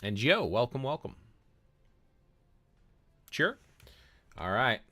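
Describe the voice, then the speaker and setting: A man's voice: mid-range voice, very animated, slow pace, sharp tone, no room sound. A man live-streaming a mobile game in casual chat, greeting viewers by name, answering chat and often repeating words as he talks. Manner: chatty, friendly, repeats words and restarts often.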